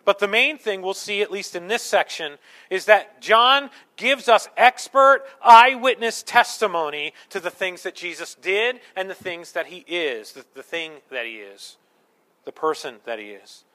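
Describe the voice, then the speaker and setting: Male preacher, higher-pitched, earnest, teaching verse by verse from the pulpit. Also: expressive, unhurried, sharp tone. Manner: earnest, teaching through scripture point by point. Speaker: pastor. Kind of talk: sermon.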